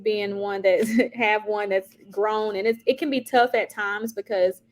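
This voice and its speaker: A woman's voice: medium pitch, fairly even intonation, measured pace, a little hiss or hum. A woman in her forties, a loan officer co-hosting a casual chat, encouraging and affirming.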